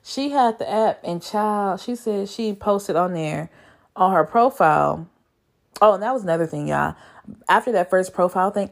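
A young woman telling a dating story in a casual vlog, profane and exasperated, with her voice leaping up in disbelief. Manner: animated, profane, exasperated storytelling with sudden high squeals of disbelief. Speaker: vlogger.

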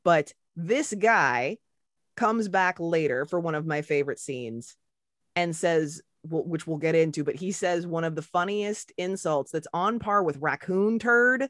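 A woman's voice: fairly low pitch, a little slow, a bit bright, no echo, clean studio sound. A woman co-hosting a podcast, retelling movie scenes in casual, profane chat. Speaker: podcast co-host.

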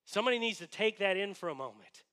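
A man's voice: high voice, expressive, quick pace, sharp tone. A man preaching a sermon as pastor, earnest and emphatic, often asking his listeners rhetorical questions.

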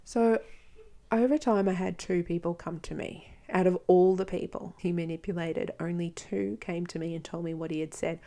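A woman speaks frankly and earnestly as she hosts a podcast, recounting her own experience. Her voice is warm and mellow, with a gravelly fry running through it. Her delivery is personal and conversational, with quick asides. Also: on the low side, fairly even intonation. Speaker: podcast host. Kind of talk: personal storytelling monologue.

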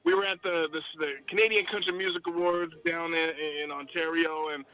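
A man telling stories as a country singer guest in a casual podcast chat, excitable and slangy with lots of restarts. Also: fairly high pitch, a little fast, clean tone, dry recording, poor audio.

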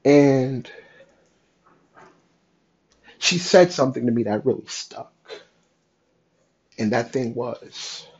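A young man talking in a raw, halting, emotional confessional monologue, cursing often. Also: mid-range voice, expressive, a little mellow, husky. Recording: dull lo-fi sound.

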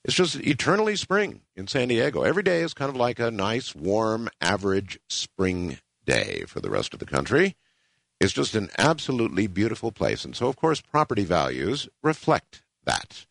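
A man hosting a late-night call-in radio show, talking in a slow, musing way. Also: on the low side, very animated, creaky, fairly bright tone, no echo. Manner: slow, musing, drawn-out delivery. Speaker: radio talk show host.

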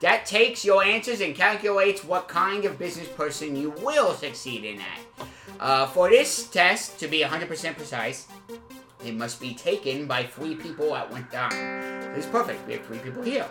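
Rambling comedy podcast host, lively pitch. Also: male voice, echoey room, soft background music. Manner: rambling, halting with many fillers, suddenly emphatic. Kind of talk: improvised comedy podcast banter.

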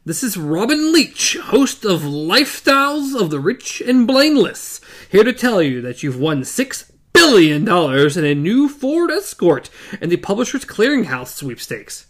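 A man's voice: sits high, sing-song, a little slow, few pauses, pitched above the performer's own voice, full character voice. A man putting on a plummy bogus British host. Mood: bellowing. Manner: plummy, bellowing, completely bogus British accent. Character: young man faking a bogus British game-show host.

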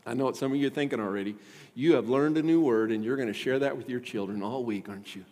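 A man's voice: mid-range voice, quick pace, a little mellow. A male pastor delivering an emphatic sermon in a church, asking the congregation rhetorical questions. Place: church sanctuary. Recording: long hall reverb from a church.

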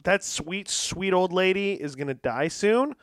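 Canadian guy, high clean voice, swears a lot, chatty co-host, dry close sound. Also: a little slow, no room sound. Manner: profane, animated storytelling. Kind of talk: casual chat.

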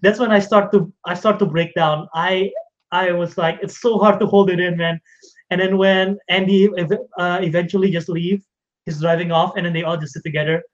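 An animated man with an Indonesian accent hosting a casual podcast chat, laughing and swearing as he tells a story. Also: high voice, moderate pace. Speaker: podcast host. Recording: dull lo-fi sound.

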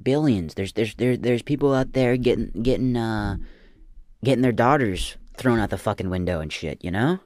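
A man's voice: medium pitch, moderate pace, darkish tone, faint music behind. A man giving casual, profane, sarcastic reaction commentary.

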